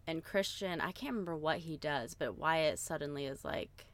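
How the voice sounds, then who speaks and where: Low-voiced young woman retelling a film. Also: moderate pace, a little hiss or hum. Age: young adult. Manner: animated storyteller, frequent "like", swearing. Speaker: podcast co-host. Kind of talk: casual chat, retelling a film plot.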